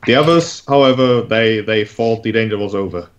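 A man running a tabletop game as game master, giving calm, matter-of-fact rulings. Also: fairly low pitch, normal speed. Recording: dull lo-fi mic.

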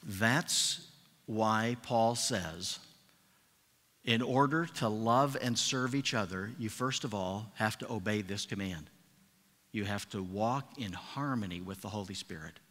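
A man's voice: on the low side, takes it slowly, a bit bright. A male pastor preaching a sermon to his congregation, emphatic and repeating key phrases for weight. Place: church sanctuary. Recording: long reverb of a church hall.

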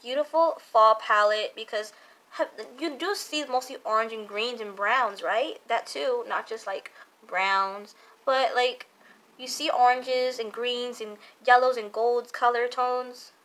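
A woman's voice: on the high side, unhurried, a bit bright. A young woman chatting casually as a makeup vlogger, gushing and repeating herself, full of fillers. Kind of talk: casual chat reviewing makeup.

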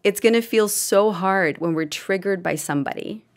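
A woman's voice: mid-range voice, normal speed. Earnest woman giving heartfelt advice. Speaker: podcast guest. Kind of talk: casual podcast conversation.

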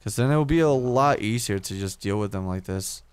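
A man's voice: fairly low pitch, animated, a little fast, clear, resonant tone, dry recording. A young man commentating his own game play, talking to himself, swearing often and repeating words when he panics. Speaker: gaming YouTuber. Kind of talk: casual let's-play commentary.

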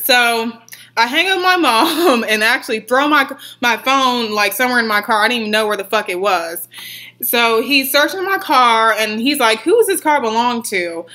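A young woman telling a story on her vlog, rambling and swearing as she retells it in an animated way. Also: on the high side, normal speed. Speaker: vlogger.

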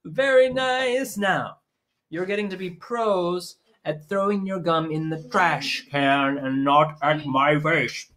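A man leads a young children's music lesson from his home, speaking at an unhurried pace into a microphone on a stand. He is playful, breaking into a silly sing-along tune between short explanations. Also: fairly high pitch, steady tone, pushed and bright. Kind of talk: live-streamed kids' music lesson with singing.

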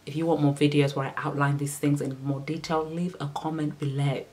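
A woman with a Caribbean accent giving hair care tips in a casual vlog, sassy and playful with shouted exclamations. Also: low voice, flat delivery, brisk, few pauses.

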